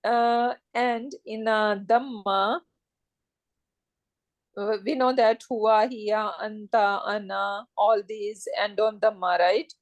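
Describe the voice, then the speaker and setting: A woman's voice: medium pitch, fairly even intonation, slow, no echo. A woman teaching an Arabic grammar class, explaining step by step and checking with her students. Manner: patient, checks understanding with "right?".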